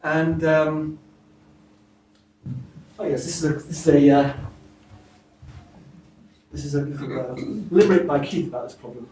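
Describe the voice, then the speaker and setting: A man giving an academic seminar talk, halting, with frequent restarts and fillers. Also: fairly high pitch, steady tone, dark tone. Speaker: lecturer at a symposium. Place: seminar room. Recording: roomy, distant mic, faint hiss.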